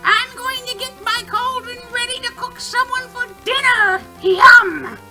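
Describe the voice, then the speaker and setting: A man voicing a shrill, gleeful wicked old witch in a squeaky, sing-song falsetto. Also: measured pace, pushed and bright, faint music behind, exaggerated voice. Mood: gloating.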